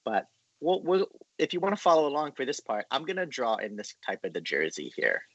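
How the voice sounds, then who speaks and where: Lively, chatty man teaching drawing. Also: medium pitch, a little fast, dry recording, lo-fi sound. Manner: chatty, encouraging, filler-heavy explaining. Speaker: art class host. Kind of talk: casual drawing lesson.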